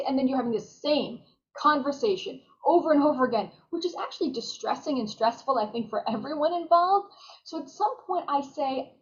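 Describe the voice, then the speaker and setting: A woman physician shares patient stories in a lively conversational way, often acting out her own lines. Her voice sits somewhat high. The recording is dull and lo-fi. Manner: animated, quotes herself and patients. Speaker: physician guest. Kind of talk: conversational storytelling.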